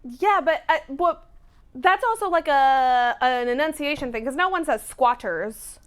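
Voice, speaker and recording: A woman's voice: high-pitched, lively intonation, measured pace. A woman co-hosting a live talk show, chatting in a playful, giggly way. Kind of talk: casual on-air banter.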